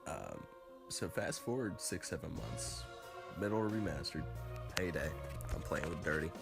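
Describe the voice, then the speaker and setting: A man telling a casual story about a friend, relaxed and laughing often. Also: a bass voice, moderate pace, vocal fry, music in the background. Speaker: community member giving a tribute.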